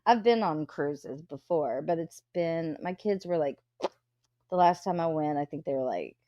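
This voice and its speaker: A woman's voice: low voice, lively intonation, a little slow, mellow, dry recording, highs cut off. Woman, thirties, live stream host, blunt and swearing, dry close sound. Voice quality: profane, blunt. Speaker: livestream host. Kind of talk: casual chat reading out viewer comments.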